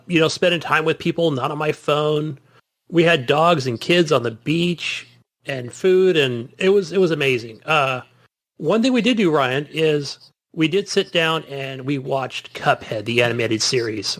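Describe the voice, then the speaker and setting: A man's voice: fairly high pitch, unhurried, a bit bright. A middle-aged man co-hosting a gaming podcast, telling stories and laughing at himself. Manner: chatty storyteller, laughs at himself. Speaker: podcast co-host. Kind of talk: casual chat.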